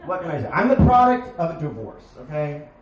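A young man performing a stand-up comedy set on a bar stage, with deadpan punchlines and sudden shouted bits. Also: fairly high pitch, brisk. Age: young adult. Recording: echoey bar, crowd noise, distant. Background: crowd laughing.

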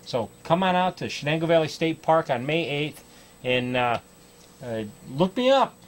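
A man's voice: fairly high pitch, lively intonation, moderate pace, slight background noise. An American man hosting a kids' fly fishing show, talking casually to camera in a chatty, folksy way with plenty of ums and restarts. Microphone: TV studio microphone.

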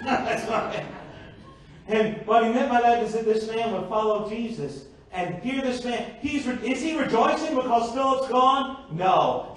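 High-voiced preacher in an echoey church. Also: male voice, expressive, a little slow, far from the mic, a little hiss or hum. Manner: rhetorical questions and joking asides. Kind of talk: sermon. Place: church sanctuary.

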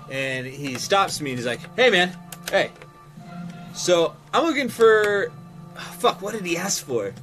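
A man's voice: fairly high pitch, a bit bright. A man telling a rambling story on his stream, swearing freely and easily distracted. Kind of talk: casual storytelling on a live stream.

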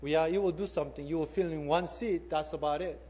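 Earnest male pastor with a high voice. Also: steady tone, fast talker. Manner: emphatic, swings from loud peaks to hushed appeals; direct questions to the congregation. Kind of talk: sermon with storytelling.

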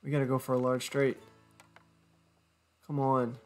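A man's voice: medium pitch, completely flat delivery, unhurried, faint music behind. A young man commentating his own gameplay, exasperated, swearing and groaning at his bad luck. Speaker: gaming YouTuber.

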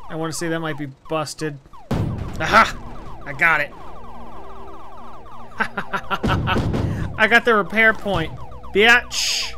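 A man commentating his own gameplay, excitable and profane, swinging between loud shouts and low mutters. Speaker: gaming video host. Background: game music.

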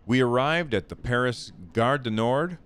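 A man's voice: mid-range voice, measured pace, a bit bright, smooth. A man hosting a gaming video, reading a text game aloud and chatting, stumbling over words and joking about himself. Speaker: gaming channel host.

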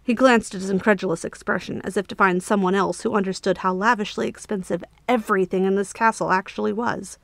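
A woman narrating a fantasy story as an audiobook, with a steady, expressive reading. Her pitch sits in the middle, and the recording is dry and close with no room sound. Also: fast, gravelly, hardly any pauses, dry recording.

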